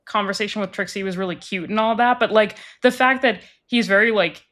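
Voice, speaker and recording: A woman guesting on a relaxed chat podcast speaks at an ordinary pitch. She rambles through her points, piling in filler words as she goes. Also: a little fast. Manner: rambling, says "like" constantly.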